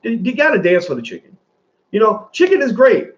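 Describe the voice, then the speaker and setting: A man in his forties talks straight to his viewers in a loose, rambling commentary, swearing freely. His voice sits a little high and swings widely in pitch. The recording is dull and lo-fi. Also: huge pitch swings, fairly quick. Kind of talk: casual commentary to camera.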